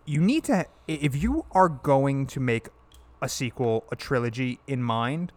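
A man's voice: medium pitch, animated, unhurried, a little mellow, dry recording. A man co-hosting a casual podcast chat, blunt and opinionated, swearing and laughing often. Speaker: podcast co-host.

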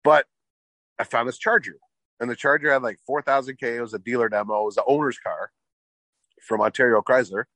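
A man's voice: medium pitch, fairly even intonation, fairly quick, pauses often, a bit bright, dry recording. A man telling a long car story in casual chat, swearing often and filling with "like". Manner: profane, rambling, fillers like "like".

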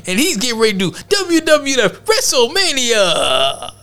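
A man's voice: very high voice, huge pitch swings, moderate pace, bright, forceful tone. A man hosting a podcast who reacts casually to video clips, joking and restarting his sentences. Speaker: podcast host.

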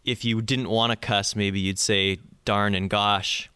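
A man's voice: fairly low pitch, little pitch movement, measured pace, pushed and bright, smooth, no echo, studio quality. A man co-hosting a casual album review chat, talking thoughtfully with many fillers and restarts. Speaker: album review podcast co-host.

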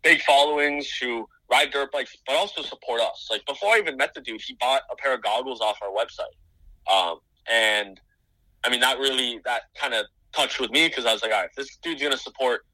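A man's voice: mid-range voice, normal speed, sharp tone, no echo, rough recording. A man, a business owner, talking in a casual podcast chat, rambling with many restarts and fillers.

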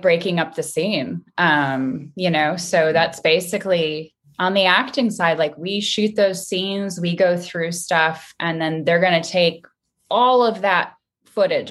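A woman being interviewed as a guest actress, chatting lively and laughing often. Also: sits low. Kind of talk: casual interview chat.

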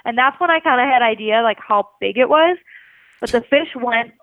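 A woman with a slightly high voice tells an animated story in casual, loose speech, leaning on "like" and swearing freely. She comes through a narrow, phone-like line with a dry, close sound and no room around her. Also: moderate pace, no room sound.

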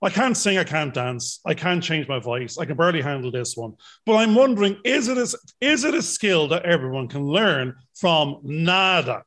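Middle aged guy rambling on a chat show, self-deprecating, kinda high voice. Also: lively intonation, normal speed, hardly any pauses, a bit bright. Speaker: podcast co-host. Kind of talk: casual chat.

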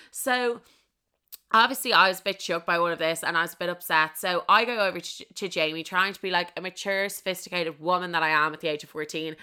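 This young Irish woman tells a comic personal story with loud, dramatic, sweary emphasis. Her voice is bright and forward, with smooth, clear diction and a slightly low pitch. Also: fast talker. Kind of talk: comedic storytelling.

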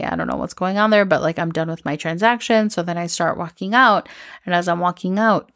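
A woman hosts her podcast in a loose, chatty monologue, filling her story with likes and acting out her own thoughts. Her voice sits a little low with a gravelly fry, recorded close and dry in a quiet room. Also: dry recording. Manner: chatty, filler-heavy, acts out her own thoughts in quotes. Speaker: podcast host.

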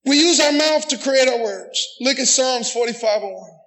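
Middle-aged pastor, a man with a very high, forceful voice who preaches loud and pushes for call-and-response. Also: animated, normal speed, low-quality recording. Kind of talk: sermon.

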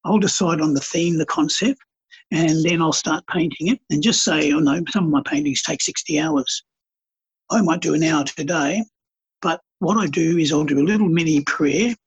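A man with a very husky, breathy voice that sits a little high. He talks about spirituality and tells stories with passionate, preacher-like conviction. The recording sounds dull and lo-fi. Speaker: podcast guest, artist and healer. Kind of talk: casual spiritual conversation.

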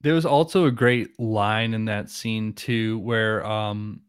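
A man's voice: fairly low pitch, fairly even intonation, takes it slowly, clean tone, dry recording, clean studio sound. A man casually discussing a horror film, retelling scenes with lots of fillers.

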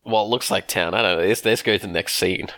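A man's voice: on the low side, fast talker, fairly bright tone, dry recording, studio quality. A man co-hosting a podcast, bantering playfully and keeps slipping into goofy quoted voices. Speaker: podcast co-host. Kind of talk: casual banter.

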